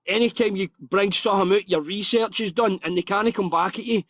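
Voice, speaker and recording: A man hosting a casual live podcast chat, blunt and sweary but warm and open. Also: high voice, a little fast, no room sound, dull audio. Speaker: host.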